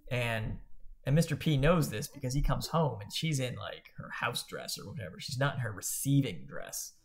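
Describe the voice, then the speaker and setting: A man's voice: medium pitch, animated, moderate pace, gravelly. A man co-hosting a podcast, casually chatting about a book in a rambling, self-correcting way. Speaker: podcast co-host.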